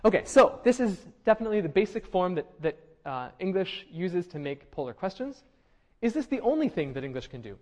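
A man's voice: high-pitched, big pitch swings, fairly quick, a little mellow. A man teaching a linguistics class, explaining step by step and often checking in with his students. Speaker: linguistics lecturer. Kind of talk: classroom lecture.

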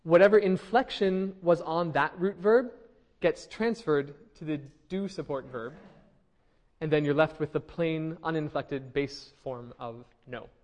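A man's voice: fairly high pitch, unhurried. Man lecturing a linguistics class. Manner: explanatory, checks in with students often.

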